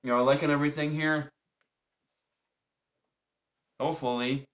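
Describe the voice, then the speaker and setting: A man with a somewhat high voice runs a tarot livestream in a casual, chatty way. He keeps repeating the same instructions to his viewers, polite but strict about the rules. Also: steady tone, a little slow. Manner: firm, repetitive instructions to the chat.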